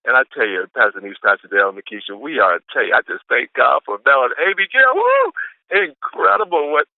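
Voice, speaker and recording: A man's voice: medium pitch, lively intonation, rapid-fire, vocal fry, dry recording. Enthusiastic man on a tinny phone line. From Atlanta, Georgia. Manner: enthusiastic, whooping, preacherly. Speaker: caller sharing quotes. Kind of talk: motivational conference call. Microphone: telephone.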